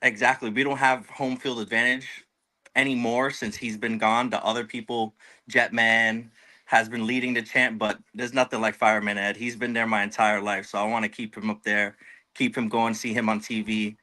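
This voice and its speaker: Earnest male caller, bright voice. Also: lowish voice, little pitch movement, normal speed. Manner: easygoing, earnest. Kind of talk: casual fan call-in.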